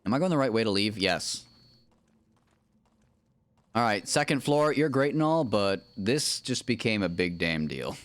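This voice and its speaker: Recorded dry, this man's fairly low voice has lively intonation, a measured pace and frequent pauses. He livestreams a video game with his wife, chatting playfully, describing his moves and humming nonsensical tunes.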